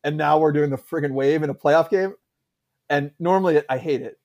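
A man's voice: fairly high pitch, brisk, darkish tone, highs cut off. Rambling man chatting about college football. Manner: rambling, lots of "like" and restarts. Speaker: podcast co-host. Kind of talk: casual sports chat.

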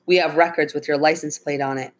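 A woman's voice: deep voice, fairly even intonation, fast, close to an everyday voice. A woman voicing a stern male park ranger who questions suspects in a read-aloud story.

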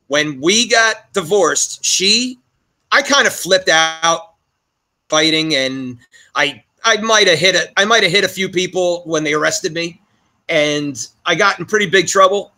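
A middle-aged man with a high, bright voice speaks as a podcast guest. He is blunt and swears freely, and his voice catches as he tells his story. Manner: blunt and profane, voice choking up. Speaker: guest, arcade owner. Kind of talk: emotional storytelling in a podcast interview.

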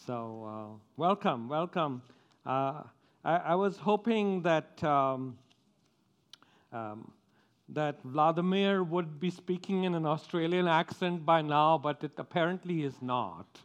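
A male pastor gives church announcements at a slow, unhurried pace. His voice sits a little high and comes through smooth and clear. He talks haltingly, restarting phrases and pausing often. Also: lively intonation. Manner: halting, many restarts and pauses.

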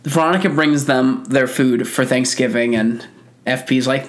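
A man's voice: medium pitch, slow, a bit bright. Laughing man recapping a show. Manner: laughs often, acts out quotes from the episode. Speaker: podcast host. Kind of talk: casual recap chat.

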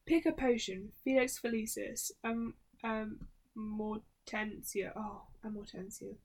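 A woman's voice: on the high side, steady tone, slow, a little mellow, soft background music. A young woman chatting casually and reading quiz options aloud in a playful way. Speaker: co-host. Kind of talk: casual chat doing online quizzes.

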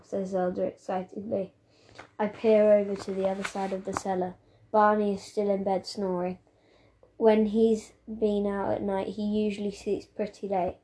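A woman reading a children's novel aloud, telling the story in a steady, plain way. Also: medium pitch, normal speed. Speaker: audiobook reader.

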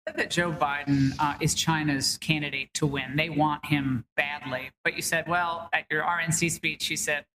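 A woman's voice: deep voice, steady tone, normal speed, bright, forceful tone, a little hiss or hum, low-quality recording. A woman interviewer on television asking pointed, pressing questions.

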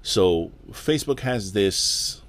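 A man's voice: fairly low pitch, animated, slow pace. A man hosting his own podcast, ranting alone in a profane, exasperated way and often repeating words. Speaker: podcast host. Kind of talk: casual solo rant.

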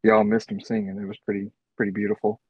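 Man guest, low and flat, rambling, dull lo-fi dry sound. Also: quick pace, husky, no echo. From Oklahoma. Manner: rambling, gropes for words. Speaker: podcast guest. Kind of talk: casual chat. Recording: muffled lo-fi sound.

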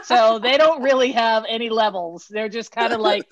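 Casting: wry, mock-serious woman co-host, voice a bit on the high side. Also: moderate pace, few pauses, rough recording. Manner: wry, mock-earnest teasing. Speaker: podcast co-host. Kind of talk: casual chat.

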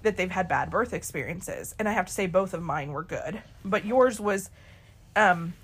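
A woman with a husky, slightly breathy voice, telling a story in a relaxed, conversational way. She talks to her daughter like it's a kitchen-table chat, throwing herself into each person she quotes. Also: fairly low pitch, moderate pace. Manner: lively storyteller who acts out quoted people. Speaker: podcast co-host.

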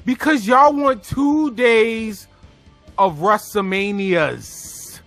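A man's voice: sits high, drawn-out words, fairly bright tone, soft background music. A man co-hosting a casual wrestling chat, ranting with exasperated outbursts. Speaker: wrestling podcast co-host.

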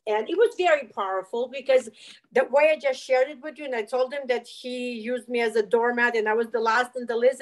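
High-voiced woman telling a personal story. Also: low-quality recording. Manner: emotional, earnest, animated retelling of dialogue. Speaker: interview guest.

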